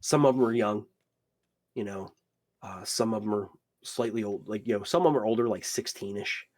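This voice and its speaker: A man's voice: lowish voice, moderate pace, a little mellow. A man narrating as game master, rambling and full of fillers.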